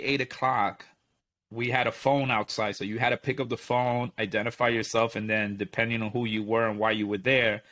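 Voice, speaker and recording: Casual male veteran storyteller, loose and profane, mid-pitched. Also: fairly bright tone. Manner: laid-back, profane, laughs often. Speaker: podcast co-host and veteran.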